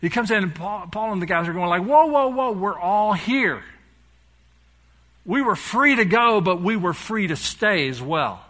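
A man's voice: sits high, lively intonation, normal speed, few pauses, sharp tone. A male pastor preaching a sermon, animatedly retelling a story and acting out its dialogue.

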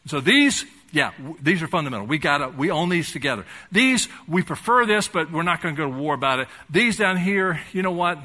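Folksy pastor, bright voice. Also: male voice, fairly high pitch, lively intonation, fairly quick, hardly any pauses. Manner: conversational preaching with folksy humor, rising to fervent emphasis. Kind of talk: sermon.

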